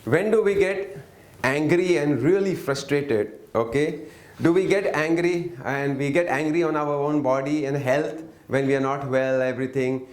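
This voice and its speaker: A man with a slightly high, slightly mellow voice speaks at a moderate pace as a workshop teacher. In an echoey room, he leads an interactive lesson, repeatedly asking the audience questions, waiting for responses, and coaxing them to answer.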